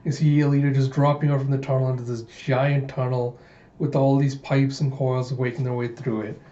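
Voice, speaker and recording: A man casually reading a comic aloud, voicing sound effects and chuckling along. His voice is mellow and even, recorded in a roomy space with a slightly muffled, lo-fi sound. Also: medium pitch, moderate pace. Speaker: manga readthrough host. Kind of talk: casual comic readthrough narration.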